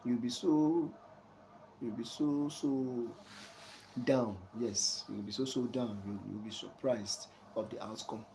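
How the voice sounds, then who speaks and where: A man giving casual, preachy life advice to a viewer, often asking "you understand?" and chuckling softly. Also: mid-range voice, fairly even intonation, takes it slowly, a little hiss or hum, low-quality recording. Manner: soft chuckles between points.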